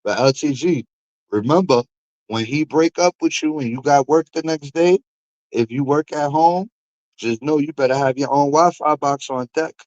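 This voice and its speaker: A streamer host with a slightly high voice speaks at normal speed, ranting casually and profanely with mocking asides and impressions in an animated way. The audio is dull, with no echo.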